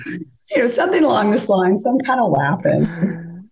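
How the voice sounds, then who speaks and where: A woman's voice: medium pitch, moderate pace, gravelly, rough recording. A woman casually telling a dating story as a podcast guest, acting out the lines of others. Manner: animated, acts out quoted lines.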